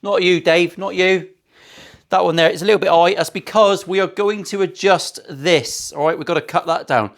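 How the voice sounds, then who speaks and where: A man's voice: sits high, brisk, creaky, hardly any pauses. A man building a guitar in his workshop, talking casually to camera with cheeky banter, plenty of swearing and jokey asides. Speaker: luthier.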